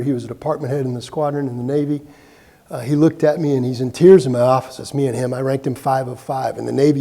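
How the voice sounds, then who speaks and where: A man's voice: mid-range voice, vocal fry, mellow, husky, big-room sound. A middle-aged man giving a keynote speech, telling anecdotes in a conversational way with fillers and restarts. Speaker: keynote speaker. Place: large meeting hall.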